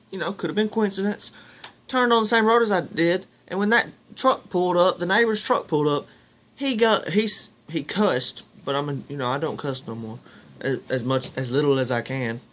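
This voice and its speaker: Rambling young man, fairly high. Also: fairly bright tone. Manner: rambling, restarts, talks to viewers as "y'all". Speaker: vlogger. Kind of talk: casual storytelling to camera.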